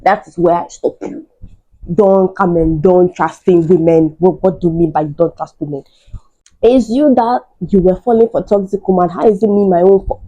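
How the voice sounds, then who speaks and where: A woman hosting a podcast, telling a story and giving her opinions in an animated, mocking way, often laughing. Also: fairly low pitch, normal speed, lo-fi sound. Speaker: podcast host.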